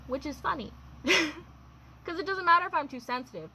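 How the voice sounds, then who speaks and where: Young woman doing a storytime vlog, kinda high bright voice, lots of "like"s and wry little laughs. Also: lively intonation, moderate pace, a little hiss or hum, rough recording. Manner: chatty, wry, filler-heavy with frequent laughs. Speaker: vlogger. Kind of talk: casual storytime.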